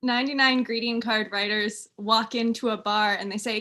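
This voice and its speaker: Woman, improv player, bright and a little high, voices the punchlines. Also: little pitch movement, moderate pace. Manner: acts out quoted voices in the jokes. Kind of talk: telling quick jokes.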